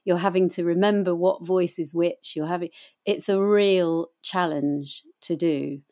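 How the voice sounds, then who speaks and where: A woman's voice: on the low side, fairly even intonation, unhurried, a little mellow. A middle-aged woman who voices audiobooks, telling stories in a chatty, rambling interview style with many fillers. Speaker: guest, voice actor and audiobook reader. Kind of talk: casual interview chat.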